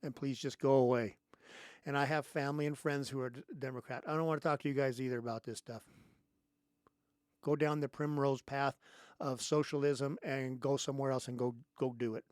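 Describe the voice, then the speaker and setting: A man's voice: mid-range voice, fairly even intonation, a little fast, darkish tone, dry recording. A man hosting his own show, giving an angry, sarcastic political monologue straight into a close microphone. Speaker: host.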